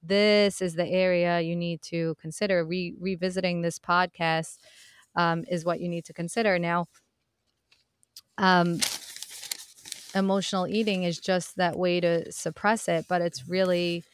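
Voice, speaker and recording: A woman's voice: on the low side, little pitch movement, measured pace, smooth, dry recording, studio quality. A woman hosting a self-help podcast, talking earnestly and encouragingly to her listeners in a casual, direct way. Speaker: podcast host. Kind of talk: motivational self-help talk.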